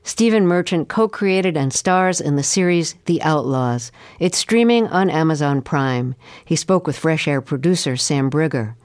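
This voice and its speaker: Radio host, mid pitch, dry close studio sound, reading a scripted announcement. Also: expressive, a little slow, hardly any pauses, a little mellow, no echo. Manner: clear read announcement.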